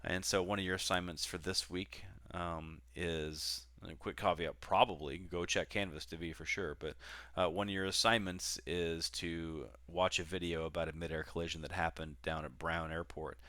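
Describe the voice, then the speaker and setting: A man's voice: low voice, steady tone, normal speed, bright, forceful tone, dry recording. A man teaching a recorded online class as a flight instructor, explaining casually with frequent fillers and restarts.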